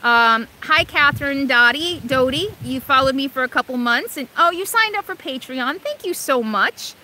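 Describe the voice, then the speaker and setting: A woman's voice: high-pitched, lively intonation, moderate pace, pushed and bright, slight background noise. A middle-aged woman hosting a casual live stream, chatting with viewers, thanking donors and answering questions with many fillers and restarts. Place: inside an RV or vehicle.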